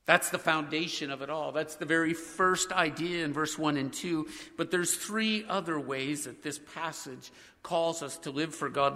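A man's voice: on the high side, sharp tone, big-room sound. A man preaching a sermon as pastor, speaking earnestly as he reads scripture aloud and leads his congregation in prayer.

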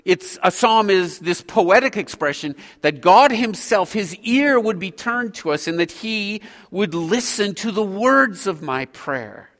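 A man preaching a sermon as a pastor, earnest and measured, pausing between phrases. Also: high voice, animated, fairly bright tone. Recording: hall reverb.

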